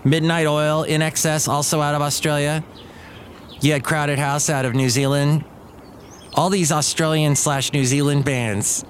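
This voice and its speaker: A man's voice: on the high side, level tone, unhurried. A man hosts a podcast in a loose, chatty monologue. He drifts from one thought to the next, trailing off and correcting himself. A faint hum sits behind his voice. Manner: digressive, trailing off and self-correcting. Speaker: podcast host. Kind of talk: casual rambling monologue.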